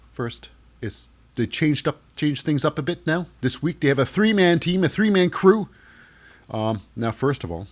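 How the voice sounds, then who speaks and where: A man casually recapping a wrestling show, jokey and rambling with lots of fillers. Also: medium pitch.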